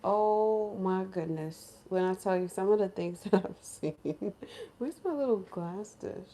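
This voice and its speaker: A woman from New York, a lifestyle vlogger, telling a story in casual chat in her home kitchen, animated and laughing, acting out other people's voices. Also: medium pitch, unhurried. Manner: animated, laughing, acts out crying voices in quotes.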